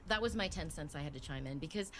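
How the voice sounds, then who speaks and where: A woman's voice: deep voice, lively intonation, quick pace. Effusive woman with a noisy mic. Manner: hesitant, filler-heavy, warm and effusive. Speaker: voice actor guest. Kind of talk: casual chat on a video call stream.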